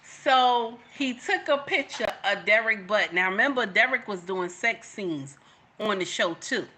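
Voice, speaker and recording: A woman giving casual reaction commentary, animated and repetitive, talking straight to her viewers. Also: mid-range voice, unhurried, a little hiss or hum. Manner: animated, repeats herself, talks to viewers.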